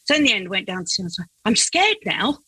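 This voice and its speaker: In a casual interview full of laughter, a middle-aged foster carer animatedly recounts a story, performing her own voice and the voices of others. She speaks fast in a husky, mid-range tone. The audio is poor, with no room sound.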